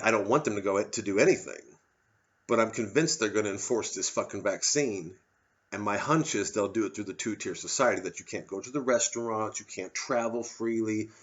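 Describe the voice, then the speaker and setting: Male comic, angry sardonic rant, profane, somewhat muffled audio. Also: fairly low pitch. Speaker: comedian doing a solo show. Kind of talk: ranting monologue. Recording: slightly dull lo-fi audio.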